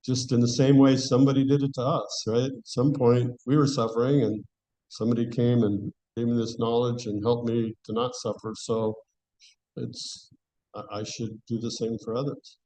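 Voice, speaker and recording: A man leading a scripture class speaks in a mellow, warm voice at a mid-range pitch for a man, with little pitch movement and a normal pace. He addresses the audience conversationally, restarting phrases as he thinks, and the audio quality is poor.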